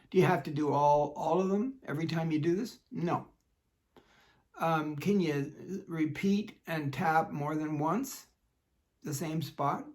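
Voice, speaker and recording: A man working as a fitness instructor, calmly demonstrating an exercise routine with a touch of dry humor. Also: on the high side.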